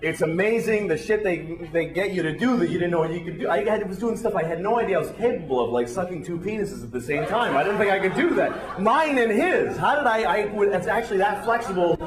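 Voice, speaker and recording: A man doing a stand-up routine on stage, telling a profane story in a deadpan way and acting out the people in it. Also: high voice, fairly quick, few pauses. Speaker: stand-up comedian. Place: comedy stage before a live audience. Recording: roomy hall with crowd laughter.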